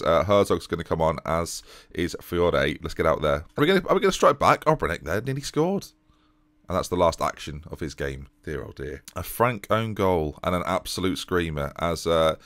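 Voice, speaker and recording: A man talks through his game as a let's-play commentator, running between exasperation and self-mockery. His voice sits on the low side. The sound is dry and close, with no room around it. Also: fairly bright tone, no echo. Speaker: gaming YouTuber.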